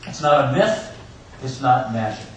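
In a church sanctuary, a pastor gives an Easter sermon full of personal stories and joking asides, his medium-pitched voice sing-song and unhurried. The room is echoey, the mic sits at a distance, and a hiss runs in the background.

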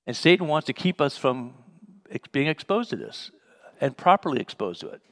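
A man's voice: medium pitch, very animated, normal speed, a bit bright. Man teaching the Bible through stories. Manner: storytelling, acts out remembered dialogue, chuckles.

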